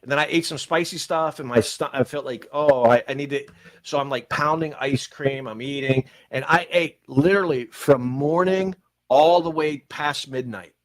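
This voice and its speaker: This is an older male pastor and podcast host with a fairly high voice, trading stories in relaxed church podcast conversation and speaking in lively, rapid bursts.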